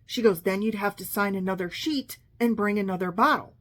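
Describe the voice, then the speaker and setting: A woman's voice: mid-range voice, fairly quick. A middle-aged woman telling a long personal story in a casual, sarcastic, exasperated way, quoting the people in it.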